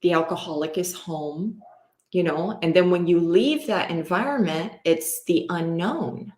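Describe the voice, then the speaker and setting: A woman with a slightly low voice talks openly and casually on a podcast. She swears freely and rambles with plenty of fillers. The sound carries a roomy echo. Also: unhurried, a little mellow. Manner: blunt, profane, rambling with many fillers. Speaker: podcast co-host. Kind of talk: candid casual conversation.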